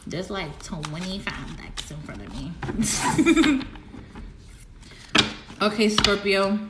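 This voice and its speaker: A woman giving a casual tarot reading to camera, who swings from low murmuring to squealing excitement and swearing. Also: very slow. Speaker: tarot reader. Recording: roomy echo, faint background noise.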